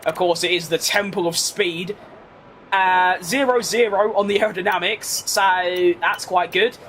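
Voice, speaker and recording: A man's voice: high voice, unhurried, a bit bright, a little hiss or hum. A young man with a London accent, talking casually while playing a racing game and reading his chat aloud in a wry, self-mocking way. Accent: London English. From England. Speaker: gaming streamer.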